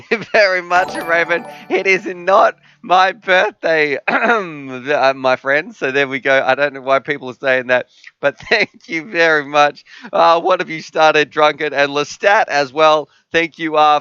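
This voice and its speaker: Man, live stream host, casual chat, laughs often, bright voice, dry close mic. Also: a little high, clean tone, dry recording, lo-fi sound. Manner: chatty, laughs often, reads out chat messages.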